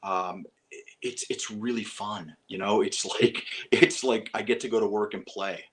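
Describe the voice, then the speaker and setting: A middle-aged man, an actor, talking casually in an interview, animated and full of restarts. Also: lowish voice, a little slow. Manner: animated storytelling with frequent restarts. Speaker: actor guest.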